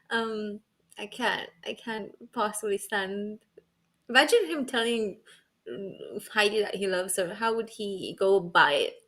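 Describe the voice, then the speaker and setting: Laughing, slow-talking woman co-host. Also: mid-range voice, animated, a bit bright. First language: not English. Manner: laughs often, loose and joking. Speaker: podcast co-host. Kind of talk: casual chat.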